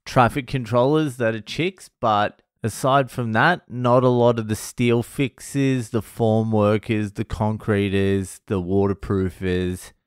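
A man's voice: on the low side, no echo, clean studio sound. A middle-aged Australian man telling a rambling story in a casual monologue vlog, blunt and full of swearing. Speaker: vlogger.

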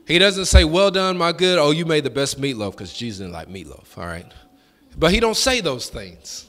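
High, bright-voiced man preaching a sermon. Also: very animated, moderate pace, big-room sound. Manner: call-and-response preaching, building to fervent shouting; folksy, colloquial phrasing. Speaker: pastor. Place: church sanctuary.

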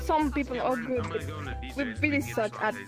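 A woman's voice: high-pitched, moderate pace. A woman from France speaking English with a French accent, chatting playfully and getting flustered. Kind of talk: casual VR chat. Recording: music playing underneath.

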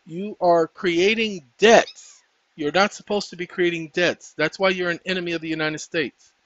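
A man hosting his own channel, talking viewers through a casual tutorial in a folksy, preachy way, often calling them ladies and gentlemen. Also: high-pitched, fairly even intonation, normal speed, dry recording. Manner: breaks off to talk to his dogs. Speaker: channel host. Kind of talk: casual screen-share tutorial. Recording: dull dry lo-fi sound.

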